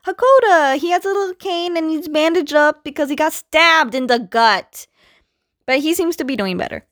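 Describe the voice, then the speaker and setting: A woman with a high voice chats through a story recap in a loose, casual way, piling on "like" and little asides as she goes. The sound is close and dry, with no room around her. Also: expressive, a bit bright, dry recording. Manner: chatty, retells scenes with lots of "like" and quick asides. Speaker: host recapping a comic book.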